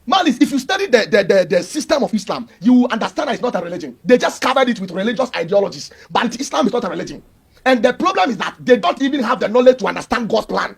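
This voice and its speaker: A man's voice: extremely high pitch, very animated, quick pace, creaky, slightly rough. A man, arguing emphatically and preachily in a heated religious debate and repeating his points. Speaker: Christian debater.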